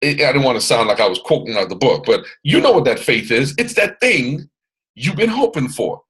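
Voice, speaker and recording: A man's voice: medium pitch, very animated, fairly quick, fairly bright tone, breathy edge, poor audio. A man leading a motivational training session on a video call, boisterous and strong in his delivery, repeating phrases like a preacher. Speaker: mentor hosting a training call.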